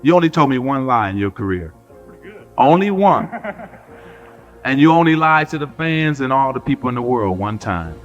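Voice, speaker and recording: A man giving an animated storytelling speech as a retired player paying tribute, stretching words out for emphasis. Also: medium pitch, muffled recording. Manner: lively, drawn-out emphasis, jokes with the crowd. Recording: archive clip with faint music behind.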